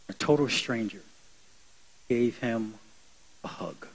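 A man's voice: medium pitch, a little slow, pauses often, breathy edge, rough recording. A young adult man preaching a sermon in an earnest, conversational way, building emphasis as he goes. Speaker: pastor.

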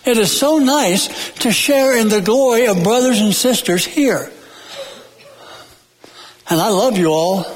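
A man preaching a sermon in a church, emphatic and folksy, repeating phrases with dramatic pauses and joking now and then. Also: sits high. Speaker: pastor. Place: church sanctuary. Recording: long hall reverb.

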